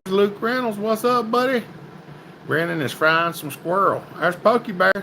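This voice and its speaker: A chatty man with a drawl runs a casual livestream, greeting viewers by name. His voice is bright and forceful and sits a little high. A faint hum of background noise runs under it. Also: moderate pace, creaky, low-quality recording. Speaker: livestream host. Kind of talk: casual livestream chat reading comments.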